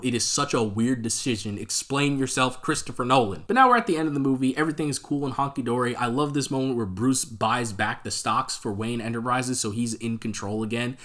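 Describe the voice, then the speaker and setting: Young man, film reviewer, casual commentary, opinionated, animated, mid-pitched voice. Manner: animated, opinionated, exasperated rants.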